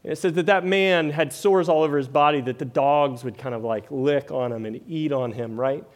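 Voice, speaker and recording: A man's voice: a little high, normal speed. A man preaching a sermon in a conversational way, often tagging lines with "right?" and "like". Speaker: pastor.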